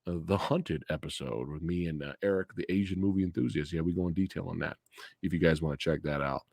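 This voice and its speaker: A man's voice: low-pitched, quick pace, creaky, darkish tone, no echo, studio quality. A man hosting a casual movie review stream. He rants with a lot of swearing and laughs often. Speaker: host of a movie review channel.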